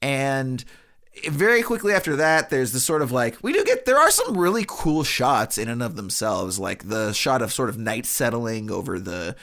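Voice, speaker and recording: A man's voice: medium pitch, sing-song, normal speed, fairly bright tone. A man co-hosting a podcast, chatting casually and recapping film scenes with frequent laughs. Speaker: podcast co-host. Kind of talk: casual chat.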